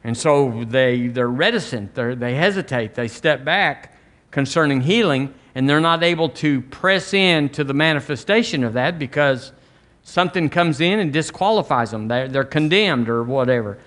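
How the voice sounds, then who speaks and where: A man's voice: medium pitch, animated, moderate pace, fairly bright tone. A man preaching a fervent sermon as pastor, leading his church in call-and-response.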